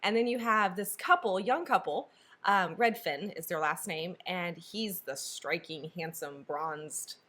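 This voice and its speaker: A woman's voice: fairly low pitch, a little slow, a bit bright. A woman co-hosting a book review, casually retelling a story and acting out characters' lines.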